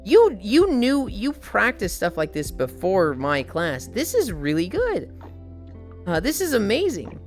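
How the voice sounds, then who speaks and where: A woman voicing a kind, effusive high school art teacher who heaps praise on her students. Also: huge pitch swings, fast, hardly any pauses, faint music behind. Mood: gushing. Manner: effusive, apologetic.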